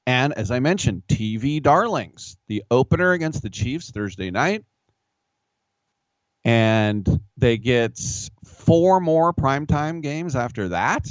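A man's voice: medium pitch, expressive, slow, dry recording. A man hosting a sports radio show, telling rambling, self-mocking stories. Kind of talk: casual sports talk radio. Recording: dull, dry studio sound.

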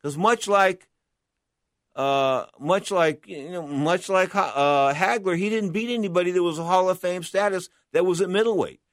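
A man's voice: sits high, moderate pace, dry recording, clean studio sound. A man talking boxing history in a blunt, emphatic monologue, often asking and answering his own questions. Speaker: boxing commentator. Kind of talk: opinionated monologue.

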